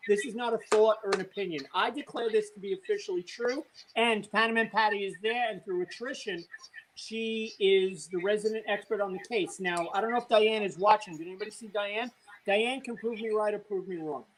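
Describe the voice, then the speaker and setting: A woman's voice: mid-range voice, fairly quick, low-quality recording. A woman hosting a casual webcast chat, emphatic and teasing. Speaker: host.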